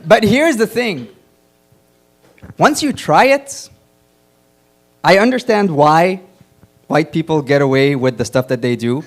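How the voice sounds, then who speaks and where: Lively open mic host, teasing. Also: male voice, on the high side, takes it slowly, pauses often. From Egypt. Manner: animated, teasing banter. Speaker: comedy show host. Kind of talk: stand-up hosting between sets. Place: small comedy venue on stage.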